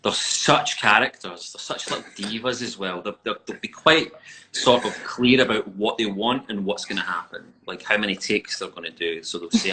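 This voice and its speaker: A man's voice: lowish voice, moderate pace, sharp tone, slight background noise, low-quality recording. A man, chatting as an interviewed actor over a video call and telling stories with laughter and animation. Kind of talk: casual chat.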